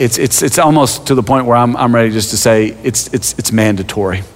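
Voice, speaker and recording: Reverberant male pastor telling stories. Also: mid-range voice. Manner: storytelling, self-deprecating humor, frequent stammered restarts. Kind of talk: sermon with personal stories. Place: church sanctuary. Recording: long reverb of a large hall.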